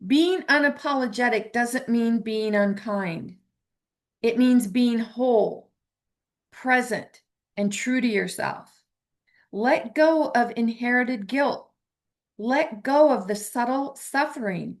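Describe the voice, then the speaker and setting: A middle-aged woman with a somewhat high voice leads a self-help lesson. She speaks earnestly and encouragingly, and slips into short acted-out quotes to make her points. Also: animated, takes it slowly. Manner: earnest and encouraging, acts out little quoted lines. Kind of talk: motivational talk.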